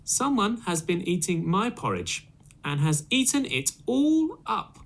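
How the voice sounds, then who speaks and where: A man voicing a small boy bear cub in a storybook, speaking in a shrill, high baby voice. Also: very animated, unhurried, fairly bright tone, heavily acted. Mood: upset.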